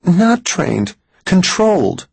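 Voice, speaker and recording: A man voicing a frightened clairvoyant woman who speaks high and strained, pleading in an audiobook. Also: big pitch swings, slow pace, vocal fry, a little mellow, slightly rough, no echo, heavily acted. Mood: frantic.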